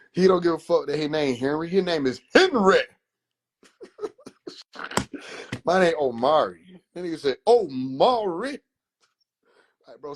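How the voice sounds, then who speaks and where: A man rambling through family stories on a livestream, loose and profane. He laughs often and keeps an animated, mid-range voice. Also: mid-range voice. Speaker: livestream host. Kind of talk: casual storytelling on a livestream.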